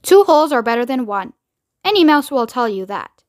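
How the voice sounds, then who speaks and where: A woman voicing an eccentric, excitable older male candy maker who talks in high, grand exclamations. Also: brisk. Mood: lecturing.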